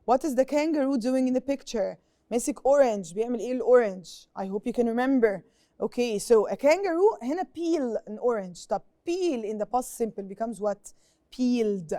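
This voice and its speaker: A woman's voice: on the high side, animated, fast talker, mellow, no room sound, studio quality. A young Egyptian woman teaching an English lesson on TV, asking pupils questions and repeating each point in Arabic. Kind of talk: TV classroom lesson.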